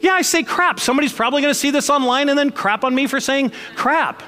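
A man's voice: very high voice, fast, pushed and bright, long reverb tail, soft background music. A man preaching a sermon as pastor, conversational and emphatic, mixing blunt jokes into his points.

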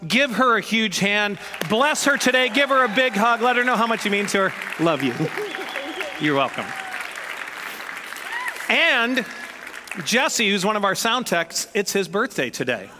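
A man's voice: sits high, unhurried, pauses often, big-room sound, a crowd in the background, background noise. A male pastor preaching a sermon in a church, joking and telling stories. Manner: jokey, animated, storytelling. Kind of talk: sermon with storytelling. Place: church sanctuary.

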